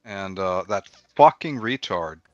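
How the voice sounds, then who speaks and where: A man with a somewhat low voice chats casually on a stream, blunt and profane, with dry understatement. His audio is dull and muffled and has no room echo. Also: animated, unhurried, soft background music. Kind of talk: casual chat.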